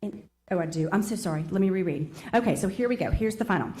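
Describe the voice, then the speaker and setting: A woman's voice: mid-range voice, animated, fast talker, darkish tone. A woman chairing a public meeting. She reads long lists of agenda numbers and apologizes often.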